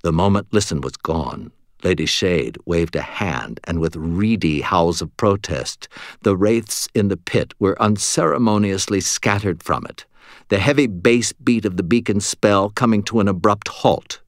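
A male audiobook narrator with a very low voice, reading first-person fiction in a wry, steady way. The recording is dry and close, with no room sound around it. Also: measured pace, no room sound.

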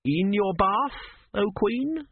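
A man playing a pompous, flustered high priest. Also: lively intonation, takes it slowly, husky, heavily acted. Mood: formal, flustered. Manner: formal, ceremonious, flustered. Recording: tinny phone-like band, dry.

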